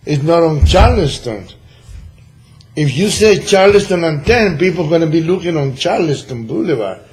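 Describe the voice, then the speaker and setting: A middle-aged man with a Cuban Spanish accent, hosting a radio talk show in casual chat, halting with many fillers. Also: on the high side, lively intonation, darkish tone, slightly rough, rough recording.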